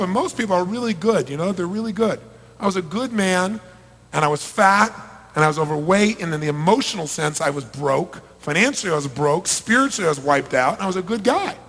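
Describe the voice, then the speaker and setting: A middle-aged man giving an emphatic motivational seminar talk to a large crowd, firing rhetorical questions at them and swinging between loud and soft. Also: sits high, lively intonation, fairly quick, husky. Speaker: motivational speaker. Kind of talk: live seminar talk to a big audience. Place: large event hall. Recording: reverberant large hall.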